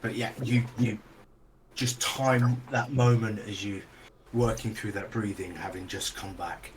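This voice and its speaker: Male dungeon master, low voice, easygoing narration, faint hiss. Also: a little slow, low-quality recording. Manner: relaxed, descriptive, with fillers. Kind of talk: narrating a tabletop game.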